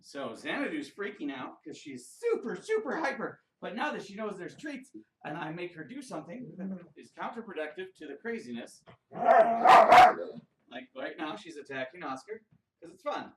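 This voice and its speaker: A man working as a dog trainer, giving a casual instructional talk in a relaxed, plain way with frequent fillers. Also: high voice, moderate pace, slight background noise.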